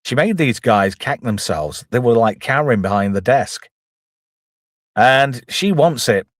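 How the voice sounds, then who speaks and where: A man's voice: medium pitch, big pitch swings, measured pace, dry recording, clean studio sound. Chatty man recapping a film. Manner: chatty, rambling recap with self-deprecating asides. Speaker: film reviewer, channel host.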